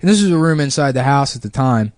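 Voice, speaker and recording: A man's voice: medium pitch, lively intonation, fast, a little mellow, dry recording. Young guy rambling through a funny story, lots of likes and swearing, dry close sound. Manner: rambling, heavy on filler words and swearing. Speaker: podcast guest telling a story. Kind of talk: casual comedic storytelling.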